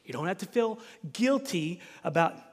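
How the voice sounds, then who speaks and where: A man's voice: high-pitched, animated, moderate pace, in a large hall. A man with a Southern US accent preaching a sermon as pastor, emphatic and repeating key phrases for stress. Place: church.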